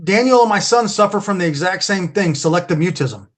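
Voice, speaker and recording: A man's voice: high voice, lively intonation, a little fast, a bit bright. A man guesting on a podcast, telling a story casually, repeating and restarting his words as he goes. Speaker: podcast guest, Bigfoot researcher.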